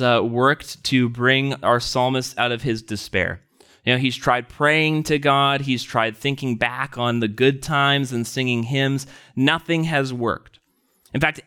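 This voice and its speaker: A man's voice: medium pitch, a bit bright. A man preaching a sermon, building earnest emphasis through repeated rhetorical questions.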